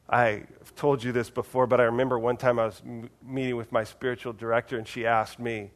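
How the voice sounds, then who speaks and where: A man giving a conversational sermon, casual and animated, with big swings in loudness and a soft, low voice when he quotes someone. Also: fairly quick, hardly any pauses. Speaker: preacher.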